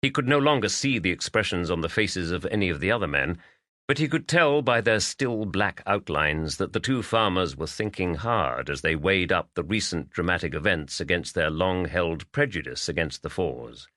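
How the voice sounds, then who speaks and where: A man narrating a mystery audiobook in a measured, expressive reading. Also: sits low, no echo, studio quality.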